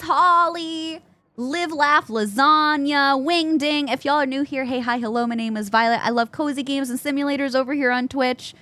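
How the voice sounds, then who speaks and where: A young woman's high, pushed, bright voice comes through with no echo as she streams a game live on Twitch. She chats away to the game's characters and greets her viewers during the gameplay.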